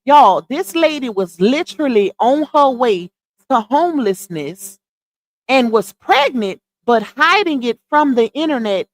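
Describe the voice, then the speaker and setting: Female livestream host, casual scolding commentary, slightly high voice. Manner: blunt, scolding, addresses viewers directly.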